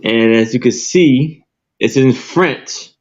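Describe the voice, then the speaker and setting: A man walks viewers through vintage pieces for sale on a live stream. He talks slowly, plainly and with some hesitation. His audio sounds a little dull. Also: mid-range voice. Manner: slow, plain, hesitant describing. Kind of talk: casual product description.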